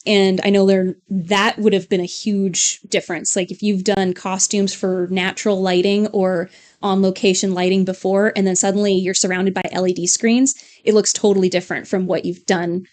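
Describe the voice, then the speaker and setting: A woman's voice: mid-range voice, flat delivery, normal speed, darkish tone. A woman co-hosting a casual live stream from a home studio, rambling and chatty with frequent fillers and laughs. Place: home studio with LED lights.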